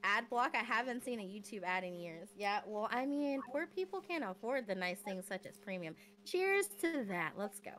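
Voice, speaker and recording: A woman's voice: medium pitch, lively intonation, normal speed, hardly any pauses, fairly bright tone, slight background noise. A woman streamer chatting casually on a karaoke stream, giggly and self-mocking, swearing freely.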